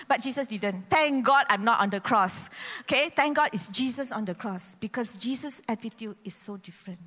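Animated woman preaching in a hall. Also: on the high side, moderate pace, hardly any pauses. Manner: animated, acts out quoted voices with sudden loud bursts. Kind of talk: sermon with prayer. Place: church hall. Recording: long hall reverb.

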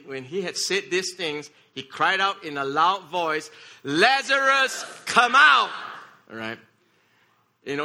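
Bright-voiced man preaching a sermon. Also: on the high side. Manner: repeats words, checks in with "okay?" and "right?"; leads the congregation in shouting together.

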